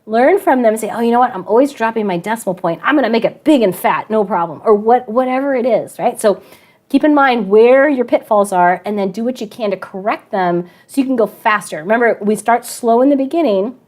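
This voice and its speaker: Brief: high-pitched woman teacher, chatty storyteller who laughs often. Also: animated, fairly quick, a little mellow. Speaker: math and science teacher. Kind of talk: storytelling to students in an online class.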